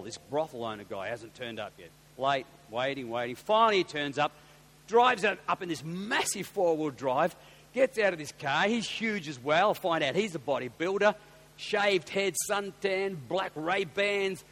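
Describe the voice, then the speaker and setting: A man with an Australian accent, a pastor telling a story in a sermon, animated and shifting from quiet to loud. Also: on the high side. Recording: long hall reverb, faint hum.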